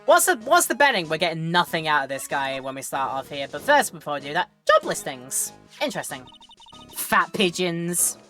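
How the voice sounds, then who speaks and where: A woman's voice: sits low, very animated, fast talker, few pauses, pushed and bright, faint music behind. A woman streaming a game, chatting and rambling in between joke voices. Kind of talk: game let's play commentary.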